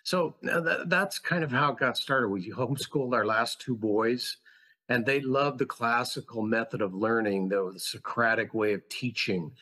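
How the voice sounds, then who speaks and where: A man's voice: mid-range voice, moderate pace, pushed and bright. A man who founded a school, a guest on a podcast, telling his story in an earnest, passionate, reflective way. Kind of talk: conversational storytelling.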